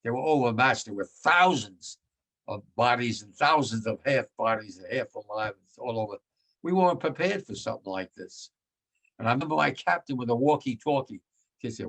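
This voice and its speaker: Veteran in his nineties, gravelly voice, giving plain, vivid war testimony. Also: expressive, normal speed. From United States. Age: 90s. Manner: blunt and vivid, voice sinks low and quiet when moved.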